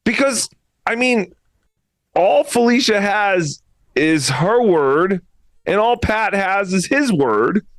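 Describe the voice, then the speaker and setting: A man's voice: high voice, big pitch swings, takes it slowly, no echo, exaggerated voice. A man voicing a chatty, agreeable male puppet guest on a casual talk stream, chuckling along. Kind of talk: casual chat.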